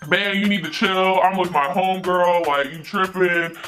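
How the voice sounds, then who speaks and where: A woman's voice: lowish voice, steady tone, normal speed, over music, voice pushed down, lightly acted. A woman voicing a lying, dismissive teenage boyfriend who brushes off questions in a defensive, evasive way.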